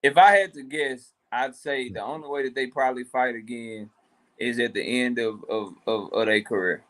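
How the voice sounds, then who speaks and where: A man's voice: medium pitch, normal speed, a bit bright. A man co-hosting a casual boxing talk show, speaking loosely with profanity and fillers.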